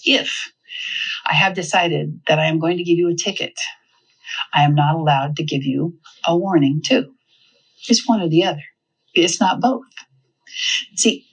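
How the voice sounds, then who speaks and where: A woman giving a humorous, animated seminar talk on parenting. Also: on the low side, husky, low-quality recording. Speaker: parenting speaker.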